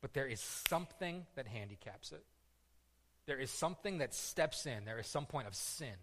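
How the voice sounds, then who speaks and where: A man preaching a sermon, telling the story in a lively way, often asking "right?" and stumbling over restarts. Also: mid-range voice, moderate pace. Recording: echoey hall with long reverb.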